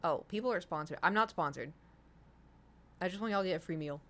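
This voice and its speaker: A woman's voice: on the low side, brisk, fairly bright tone. A young woman streaming from home, chatting casually and rambling to her viewers, swearing now and then. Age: young adult.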